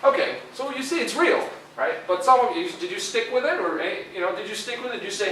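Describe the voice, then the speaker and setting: Talking fast with few pauses, the man has a high, sharp voice and lively intonation, and a faint hiss or hum runs underneath. A middle-aged guest lecturer, he gives a conversational university career talk full of fillers and tag questions, recorded far from the mic in an echoey lecture hall.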